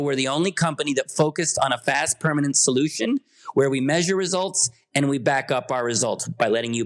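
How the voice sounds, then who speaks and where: Emphatic man, fairly high voice. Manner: emphatic, insistent, rising to sharp peaks. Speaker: podcast guest. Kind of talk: passionate interview talk.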